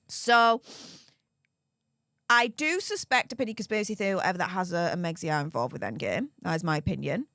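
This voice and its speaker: Woman vlogger, animated intonation, dry close sound, chatty and speculative. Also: medium pitch, brisk, long pauses, no room sound. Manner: chatty, rhetorical questions, speculative. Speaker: commentary vlogger. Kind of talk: casual opinion commentary.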